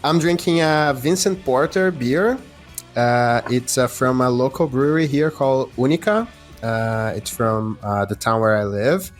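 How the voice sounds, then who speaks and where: A man's voice: medium pitch, measured pace, faint music behind. A man hosting a casual tech podcast, greeting listeners and guests in a friendly, loose, chatty way. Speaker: podcast host.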